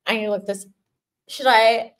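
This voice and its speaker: A woman's voice: on the high side, steady tone, moderate pace. An older woman hosting a livestream as a spiritual teacher, chatting casually in a playful, giggly way and laughing often.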